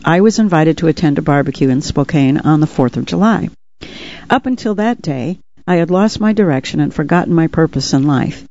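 A woman's voice: low-pitched, mellow, dull audio. A woman, the author, reading her own memoir aloud in an earnest, reflective, heartfelt way. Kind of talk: audiobook memoir narration.

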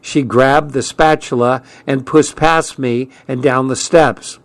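A man's voice: medium pitch, steady tone, slow, no room sound. Man narrating a story, dry close sound. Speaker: audiobook narrator. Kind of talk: scripted narration.

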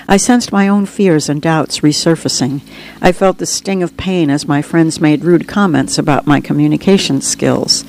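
An author narrates their own memoir as an audiobook. The delivery is earnest and reflective, at a middling pitch and an even pace. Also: low-quality recording.

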